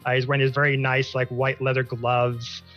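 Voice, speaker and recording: A man's voice: medium pitch, completely flat delivery, moderate pace. A man narrating as game master of a tabletop game, describing scenes loosely with many fillers. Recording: dull lo-fi stream audio with faint music.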